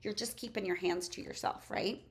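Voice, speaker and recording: A woman's voice: medium pitch, steady tone, moderate pace. A woman preschool teacher casually walking through her classroom materials, acting out routines she uses with the children. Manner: chatty, demonstrates classroom routines aloud. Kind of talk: casual classroom-resource walkthrough.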